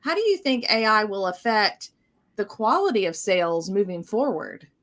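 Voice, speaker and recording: A woman's voice: mid-range voice, sing-song, moderate pace, a bit bright. A woman hosting an interview, chatty and affirming toward her guest. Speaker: host. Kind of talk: casual interview.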